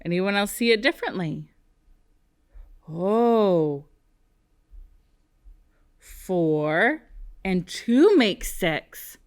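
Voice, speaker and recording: Slow, sing-song first grade teacher woman. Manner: slow, animated, sing-song teacher talk with big pitch swings. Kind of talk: TV classroom lesson for young children.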